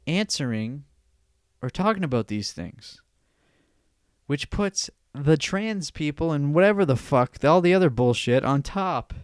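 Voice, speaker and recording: Young male podcaster, smooth clear voice, dry close sound, swears and rambles, solo casual rant. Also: on the high side, no room sound. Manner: profane, rambling, repeats himself. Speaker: podcast host.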